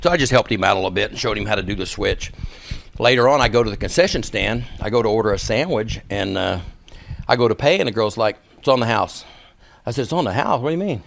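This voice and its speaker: Podcast guest, male, gravelly lowish voice, lively raconteur who acts out every quote. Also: quick pace. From Texas. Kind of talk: casual storytelling.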